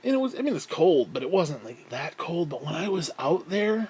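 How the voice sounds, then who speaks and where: A young man talks straight to the camera in a loose, rambling vlog, his voice sitting a little higher than most men's. He swears freely and trails off into laughs and sighs as he tells his story. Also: big pitch swings, normal speed, darkish tone, husky. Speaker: vlogger. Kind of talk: rambling casual monologue.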